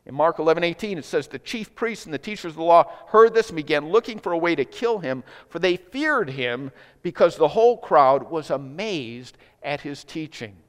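A man preaching a sermon in a conversational, animated way, with casual asides to his listeners. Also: on the high side, moderate pace, long reverb tail. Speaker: pastor.

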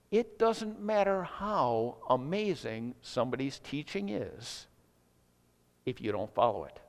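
Animated male preacher in a reverberant hall. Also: high-pitched. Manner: conversational, animated preaching with asides. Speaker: pastor. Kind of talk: sermon.

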